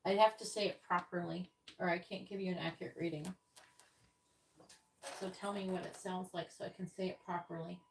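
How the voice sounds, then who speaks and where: This woman's voice is fairly low, steady in tone and creaky, heard in a reverberant space. She's doing a psychic reading on a live stream, slowly spelling out and repeating signs, letters and numbers to viewers, a bit exasperated whenever she corrects them. A slightly distant mic adds faint noise.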